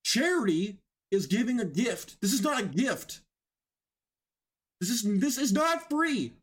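A man's voice: high voice, very animated, a little slow, fairly bright tone. A man giving mocking, incredulous reaction commentary on videos, often emphatic and raising his voice.

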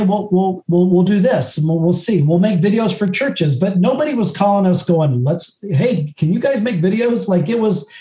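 A man's voice: high voice, mellow. A man on a panel giving earnest, encouraging advice to preachers. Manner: earnest and encouraging, with many restarts. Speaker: speaker and video maker. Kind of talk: casual panel chat. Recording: roomy echo.

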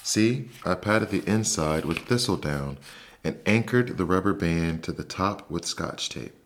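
Earnest storybook boy, a bit reproachful, low voice, read by a man. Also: lively intonation, unhurried. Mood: eager. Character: earnest young boy, trusting then hurt.

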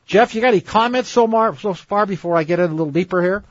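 A husky-voiced man with a slightly raised pitch, hosting a dating advice talk show. He reads passages aloud and then argues against them firmly. His voice is close and dry on a dull, lo-fi recording. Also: quick pace, no room sound. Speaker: dating advice radio host. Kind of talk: radio talk show commentary.

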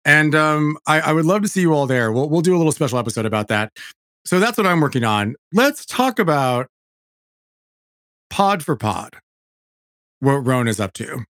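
A man hosting a podcast, talking in an animated, chatty way that keeps breaking off and restarting. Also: fairly high pitch, normal speed, pauses often, no room sound, clean studio sound. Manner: animated, self-interrupting, chatty. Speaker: podcast host. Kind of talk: casual chat.

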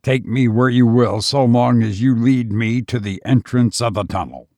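A man reading aloud and voicing a distrustful male brigand who escapes from a castle, speaking low and hushed. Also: moderate pace, dry recording, clean studio sound, close to an everyday voice. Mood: scheming.

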